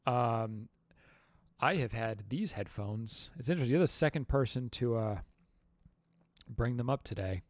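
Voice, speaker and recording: Male streamer, casual Q&A chat, unhurried and rambling with many fillers, slightly low voice, dead-dry room. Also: animated, no room sound. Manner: rambling, halting, full of fillers and self-mocking jokes. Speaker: livestream host.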